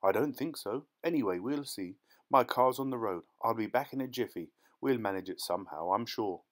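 A man's voice: medium pitch, animated, moderate pace, close to an everyday voice. A man voicing a fussy, ingratiating male antiques dealer posing as a parson, overly polite and wheedling.

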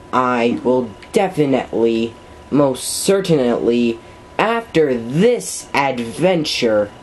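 A let's play gamer and vlogger in casual gameplay commentary, giggly, rambling and apologetic, with sudden high yelps. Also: darkish tone, slight background noise.

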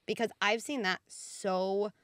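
A woman clinical psychologist talking casually on a podcast. She is earnest and animated and keeps adding asides and a rhetorical "right?". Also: medium pitch, takes it slowly, smooth, no echo, clean studio sound.

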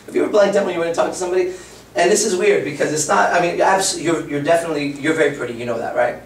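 A man's voice: on the high side, lively intonation, very fast. A man in his thirties, a dating coach giving a live lecture in a blunt, profane, conversational way. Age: 30s. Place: lecture room. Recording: roomy, far from the mic.

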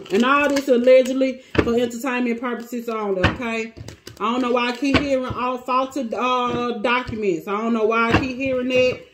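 High-voiced woman giving an animated tarot reading. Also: noisy background. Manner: animated, exclamatory, thinks aloud and breaks off mid-sentence. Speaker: tarot reader. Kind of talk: casual tarot reading monologue.

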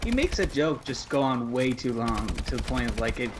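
A man's voice: medium pitch, expressive, normal speed, noisy background. A man giving critical, matter-of-fact remarks on a gameplay video. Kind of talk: casual reaction commentary.

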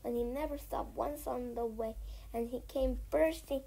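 A woman reading a children's novel aloud in a soft voice that often drops to a near whisper. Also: fairly high pitch, moderate pace, vocal fry, a little hiss or hum, low-quality recording. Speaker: storybook reader.

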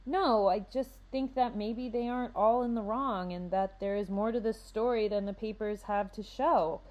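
A woman's voice: mid-range voice, darkish tone, natural voice. A woman voicing a thoughtful, somewhat hesitant teenage boy in a read-aloud story. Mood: earnest. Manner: hesitant, measured.

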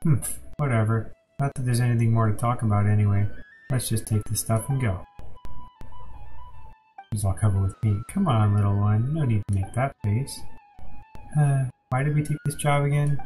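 A man's voice: medium pitch, normal speed, pauses often, warm tone, faint music behind, low-quality recording. A male streamer reading the lines of every character in a game cutscene aloud, stumbling and restarting now and then. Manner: reads every character himself with small slips and restarts. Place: home streaming setup.

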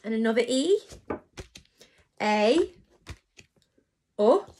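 A woman's voice: on the high side, very animated, very slow, dark tone, slight background noise. A woman teaching a phonics lesson to young children online, encouraging and sing-song, sounding out letters.

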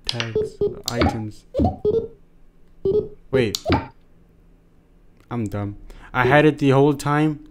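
A man's voice: medium pitch, slow pace, pauses often, slight background noise. A man from Africa, giving playful, jokey let's-play commentary and talking back to game characters. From South Africa. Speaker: gaming YouTuber. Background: loud game music.

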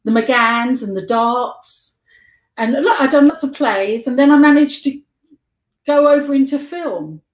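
An older London woman with a high voice chats on a video call, giggly and quick to jump from one anecdote to the next. Her voice bounces around an echoey room. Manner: chatty, giggly storyteller who jumps between tangents. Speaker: guest and life model. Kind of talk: rambling anecdotal chat. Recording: echoey room on a live stream.

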